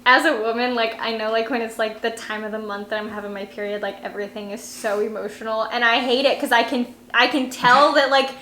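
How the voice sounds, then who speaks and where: A woman's voice: fairly high pitch, level tone, brisk, hardly any pauses, pushed and bright, roomy sound, slight background noise. A young woman hosting a casual chat, telling stories with lots of fillers and laughs. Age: young adult. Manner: chatty storytelling with frequent laughter and fillers. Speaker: channel host.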